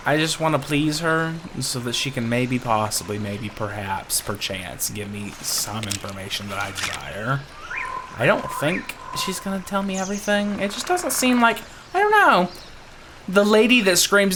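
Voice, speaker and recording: A man's voice: a little high, lively intonation, moderate pace, background noise. A man giving casual, joking, profane commentary while playing a story game. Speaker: streamer playing a narrative game.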